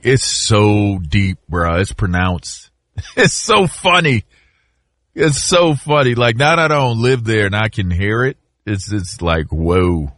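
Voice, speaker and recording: A man co-hosting a sports talk radio show, an animated storyteller who laughs often. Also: fairly low pitch, no room sound, studio quality. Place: radio studio.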